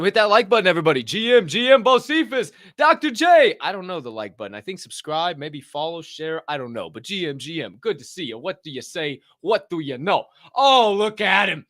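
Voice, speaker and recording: A man hosting a casual livestream, excitedly and profanely greeting people in the chat by name. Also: high voice, brisk, hardly any pauses, no room sound, studio quality. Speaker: livestream show host.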